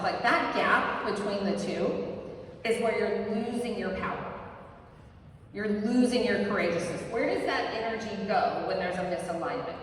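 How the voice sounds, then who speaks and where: A woman giving a live workshop talk to an audience, energetic and often ending points with a quick "right?". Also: medium pitch. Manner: energetic, ends points with tag questions. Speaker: workshop presenter. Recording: very echoey hall, mic far off, faint noise.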